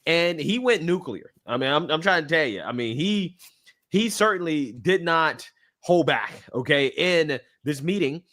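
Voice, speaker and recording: Bright-voiced guy doing political commentary, hammers his points. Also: on the high side, expressive, measured pace. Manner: emphatic, repeats points.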